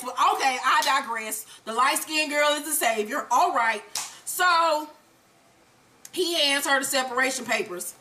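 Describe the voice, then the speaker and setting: High bright profane woman recapping TV. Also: a little slow, a little hiss or hum. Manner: animated, profane, acts out characters. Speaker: TV recap host. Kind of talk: casual profane episode recap.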